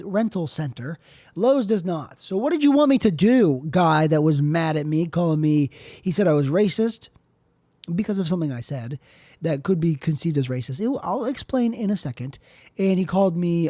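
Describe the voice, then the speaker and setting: A man rambles through a comic solo monologue, drifting from one tangent to the next and ribbing himself as he goes. His voice sits slightly high for a man but stays mellow and soft-edged. The sound is close and dry, with no room around it. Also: no echo. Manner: rambling, self-deprecating, jokey digressions. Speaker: podcast host.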